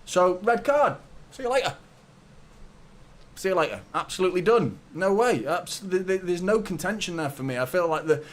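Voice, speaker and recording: A man's voice: sits high, very animated, moderate pace. Chatty man hosting a watchalong. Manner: chatty, greets viewers by name, swears casually. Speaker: fan channel host. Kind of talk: live football watchalong chat.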